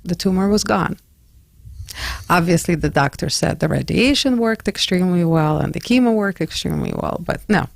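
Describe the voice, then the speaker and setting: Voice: mid-range voice, sing-song, normal speed, creaky, dry recording. A radio host recounting a personal story in a conversational interview, with frequent fillers.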